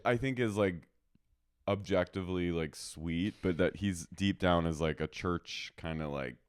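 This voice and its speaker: Man with a smooth, low voice. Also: measured pace, no room sound, studio quality. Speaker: podcast co-host. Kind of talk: casual chat, recapping a reality show.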